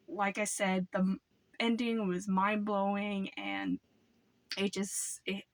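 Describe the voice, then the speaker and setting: A woman's voice: medium pitch, no echo. Chatty young woman reviewing books, dry sound. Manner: rambling, lots of "like" and "um" fillers. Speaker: book vlogger. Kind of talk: casual book review.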